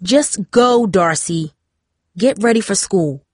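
A woman's voice: mid-range voice, lively intonation, takes it slowly, a little mellow, no room sound. A woman voicing a stern, exhausted pregnant mother who talks curtly and snaps, read in a dry, close audiobook recording. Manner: curt, snapping, firm. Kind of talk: audiobook character reading.

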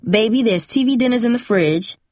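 A woman's voice: fairly high pitch, expressive, a little fast, darkish tone, dry recording, clean studio sound, pitched above the performer's own voice. Woman voicing a coaxing, easygoing mom. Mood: casual. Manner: soothing, casual, endearing "baby". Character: easygoing, coaxing single mother.

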